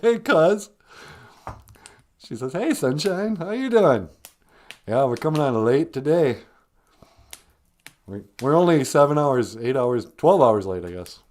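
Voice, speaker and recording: A man hosting a comedic live stream, joking with viewers, laughing often and making deadpan asides. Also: medium pitch, unhurried, long pauses. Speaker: host.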